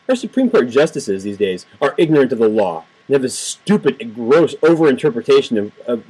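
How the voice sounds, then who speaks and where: In a rough home webcam video, a man with a mid-range, slightly mellow, husky voice rails against politics to the camera. This political video blogger is indignant and impassioned, repeating phrases for emphasis.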